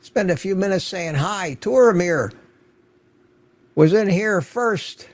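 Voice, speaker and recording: An older man hosts a casual livestream, reading out viewers' names and chatting with them. His voice has a gravelly edge and sits a bit high for a man. His talk is loose and unscripted. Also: animated, takes it slowly. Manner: chatty, greeting viewers by name from the chat. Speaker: livestream host.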